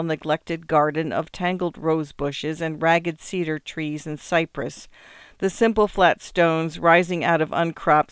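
Clear-voiced woman reading stories. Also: sits low, no room sound, clean studio sound. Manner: measured, expressive reading. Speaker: radio reader and host. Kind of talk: scripted narration of short stories.

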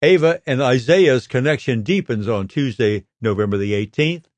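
A man reads entertainment news straight from a script in a middle-pitched voice. His delivery is steady, lifting slightly when he quotes a line. The recording is dry and close, with no room around it. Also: moderate pace, no room sound. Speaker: soap news reader.

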